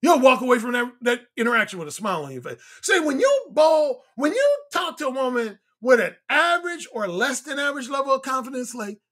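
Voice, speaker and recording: Boastful husky-voiced man, lively delivery. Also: very high voice, brisk, hardly any pauses. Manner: boastful, emphatic, repeats lines for effect. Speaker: dating coach. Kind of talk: casual monologue to viewers.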